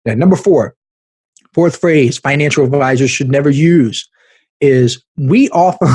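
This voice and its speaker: A man hosting a podcast, giving blunt, animated business advice in a casual way and laughing at himself now and then. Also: mid-range voice, normal speed, husky, no room sound. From American Midwest. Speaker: podcast host, business coach.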